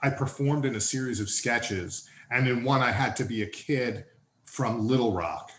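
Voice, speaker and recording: A man hosting a casual interview, chatting in an animated way and acting out the people he quotes. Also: mid-range voice, moderate pace. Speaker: podcast host, lawyer and agent. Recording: echoey room with faint ambience.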